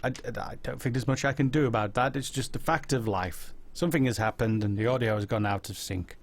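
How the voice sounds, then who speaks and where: A man hosting a casual live-stream chat, rambling through viewers' comments with deadpan silly humor. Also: medium pitch, brisk. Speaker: host.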